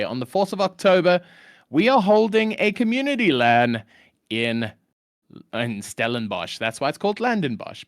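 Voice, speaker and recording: Lively man hosting a stream. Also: medium pitch, dry recording, clean studio sound. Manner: enthusiastic, playfully self-mocking. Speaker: stream host. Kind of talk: live-streamed chat.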